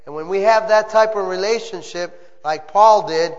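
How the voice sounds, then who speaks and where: A man with a notably high voice delivers an earnest sermon and keeps asking the congregation for an amen. The sound is muffled and lo-fi, with a long reverb trailing each phrase. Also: normal speed. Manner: earnest preaching with call-and-response amens. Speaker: pastor.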